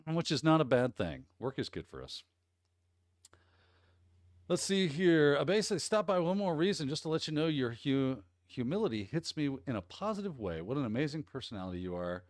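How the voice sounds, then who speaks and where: A man's voice: a little high, big pitch swings, brisk, no echo, clean studio sound. A man from the Midwest of the US hosting a casual livestream. He talks in an upbeat, rambling way and greets viewers by name. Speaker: host.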